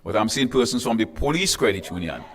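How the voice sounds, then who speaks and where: A man's voice: fairly low pitch, expressive, quick pace, long reverb tail. A man from Tobago with a Tobagonian accent, acting as emcee of a formal panel in a hotel conference room. He greets the guests in a chatty way and jokes with the crowd. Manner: chatty and joking, with asides to the audience. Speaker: event emcee. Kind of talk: ceremonial address with greetings.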